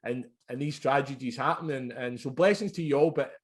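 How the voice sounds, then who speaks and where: A man hosting a podcast interview, speaking in a sympathetic, halting way with many fillers. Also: medium pitch. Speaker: podcast host. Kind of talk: conversational interview.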